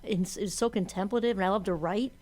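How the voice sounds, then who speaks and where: A woman co-hosting a casual podcast conversation, chatty and enthusiastic, quick to agree and to laugh. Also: medium pitch, a little mellow. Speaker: podcast co-host.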